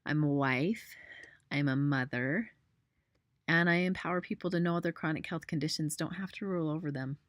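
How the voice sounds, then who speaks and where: A woman in her thirties with a low voice presents a webinar as a personal trainer. She is chatty and personal, calls her viewers "you guys" and laughs easily. The sound is close and dry. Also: moderate pace, no echo.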